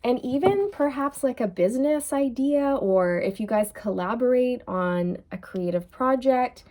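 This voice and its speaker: Tarot reader, woman, unhurried delivery, soft mellow tone, repeats herself, laughs off slips. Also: on the high side, expressive. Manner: loose and chatty, repeats phrases, laughs at her own slips. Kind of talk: tarot card reading monologue.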